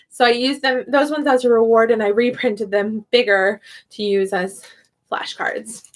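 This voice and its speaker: A woman's voice: sits high, pushed and bright. A young woman, an online English teacher, chatting casually on a livestream and thinking aloud with frequent laughs.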